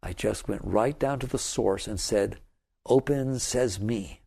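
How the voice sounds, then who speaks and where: A man's voice: fairly low pitch, unhurried, vocal fry, warm tone, breathy edge. A man giving a spiritual talk to an audience. He speaks emphatically, repeats his key phrases and puts questions to the listeners. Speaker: spiritual teacher.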